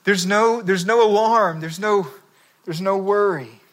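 A man's voice: high voice, unhurried. A man preaching a sermon, telling a story and reading scripture in a conversational, emphatic way. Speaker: pastor.

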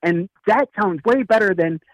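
A man and author telling a story in casual chat, acting out the lines of the people in it with lively energy. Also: high-pitched, moderate pace, no room sound, poor audio. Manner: animated, acts out dialogue in story. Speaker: guest speaker and author.

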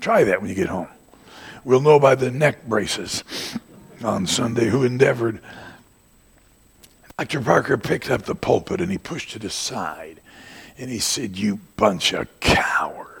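An older man preaching a sermon. He climbs to shouted peaks and then drops to quiet asides. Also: mid-range voice, animated, measured pace, creaky, long pauses, breathy edge.

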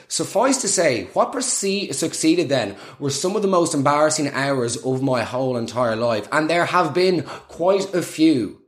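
Rambling young man telling a story. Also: mid-range voice. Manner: rambling, self-deprecating, full of fillers. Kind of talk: casual comic storytelling.

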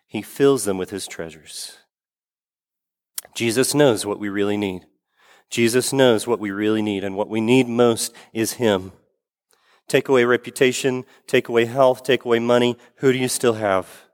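A man's voice: mid-range voice, clear, resonant tone. A man preaching a sermon as pastor in a church sanctuary, earnest, repeating key phrases for emphasis. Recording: long hall reverb.

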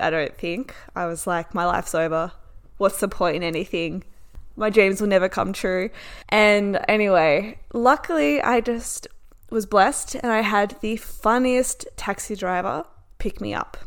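A young woman from Australia recounts a personal story to her viewers in a relaxed vlog. Her voice sits at an ordinary pitch, and she animates the tale by acting out other people's lines as she goes. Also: smooth. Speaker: vlogger. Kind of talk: casual storytelling.

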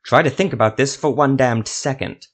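A man's voice: lowish voice, animated, a bit bright. A man voicing Ethramel, an irritable, sarcastic sorcerer who snaps and curses. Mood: snapping. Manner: snapping, sarcastic, quick to curse.

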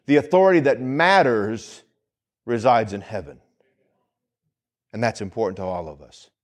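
A man, a pastor, giving a conversational sermon that repeats phrases and asks the congregation questions. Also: mid-range voice.

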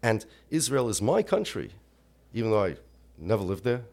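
A man's voice: lowish voice, big pitch swings, normal speed, creaky, a little mellow. A middle-aged American man giving an impassioned religious lecture, emphatic and full of rhetorical questions. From United States. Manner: emphatic, with rhetorical questions and Yiddish and Hebrew terms.

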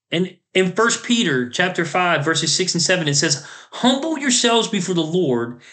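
A man's voice: sits high, a bit bright. Earnest man preaching on a podcast. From United States. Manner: earnest, emphatic, quotes scripture. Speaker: podcast host. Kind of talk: preaching monologue.

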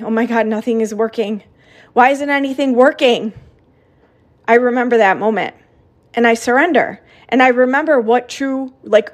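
A woman in her thirties giving an earnest, emphatic motivational talk as a coach, often repeating herself for emphasis. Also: on the high side.

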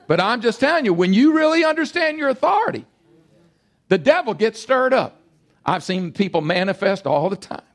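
A man in his sixties preaching a sermon, emphatic and animated, swinging between loud bursts and quiet asides. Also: high voice, moderate pace. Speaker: pastor.

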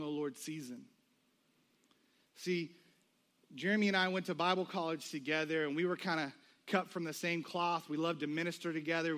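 A man's voice: on the high side, fairly bright tone. A man preaching a sermon, telling a personal story and acting out the voices of the people in it. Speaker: pastor.

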